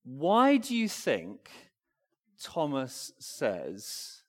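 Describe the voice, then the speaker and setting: A man giving a family-friendly sermon, asking the congregation questions and talking back and forth with them in a lively way. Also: mid-range voice, very slow. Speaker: preacher. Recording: long hall reverb.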